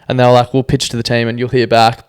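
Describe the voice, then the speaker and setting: A young Australian man, a podcast guest, telling a story in a casual, animated way and acting out what people said. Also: mid-range voice, fast talker, clean tone, no echo, studio quality. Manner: animated, laughs often, acts out quotes.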